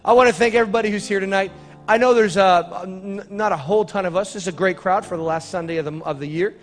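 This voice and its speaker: His voice is high-pitched and he talks fast. He gives announcements and leads a prayer in a church sanctuary, rambling and joking as he goes, and the reverberant hall carries faint music.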